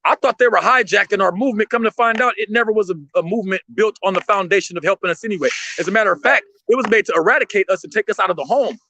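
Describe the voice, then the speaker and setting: A man's voice: sits high, racing, few pauses, pushed and bright, dry recording, muffled recording. A man talking emotionally and emphatically on a livestream from his street stand, in slangy street talk. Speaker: street artist and vendor, livestream guest.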